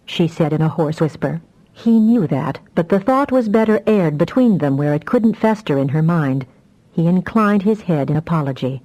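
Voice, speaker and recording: A woman narrating a fantasy audiobook in a measured, even storytelling manner. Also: lowish voice, low-quality recording.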